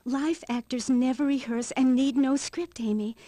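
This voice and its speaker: An actress playing a rambling new-age woman who calls herself a white witch, on a game's radio talk show, drifting into hushed whispers. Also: high voice, steady tone, normal speed, no room sound, lightly acted. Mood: dreamy. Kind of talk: video game radio comedy acting.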